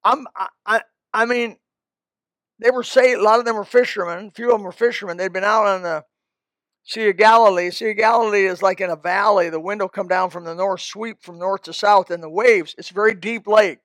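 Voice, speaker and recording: A man's voice: high voice, steady tone, fairly quick, a bit bright, no echo. A man preaching a sermon in a folksy, rambling way, with asides and restarts. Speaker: pastor.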